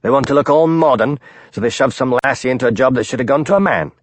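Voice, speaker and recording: A man's voice: mid-range voice, fast, no echo, pitched above the performer's own voice, lightly acted. A man voicing a bullying, thick-headed chief inspector in an audiobook, with a heavy, truculent Glasgow accent and a growling manner.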